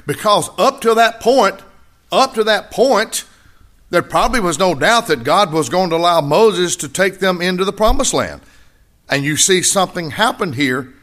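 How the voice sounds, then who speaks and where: A man preaching a sermon, repeating key phrases and swinging between loud high emphasis and quiet low asides. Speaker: pastor.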